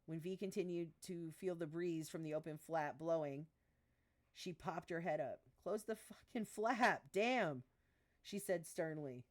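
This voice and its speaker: On a live stream, a woman reads her own novel aloud, shifting her voice slightly for the characters' dialogue, stumbling and restarting to correct herself, and laughing at her own asides. Her voice is low-pitched, steady, and warm, at a moderate pace.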